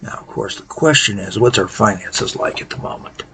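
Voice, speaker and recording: A tired man hosting a casual game tutorial, thinking aloud in a halting, low-key way. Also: gravelly, fairly bright tone, a little hiss or hum, rough recording. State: tired, worn out. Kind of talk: casual gameplay tutorial commentary.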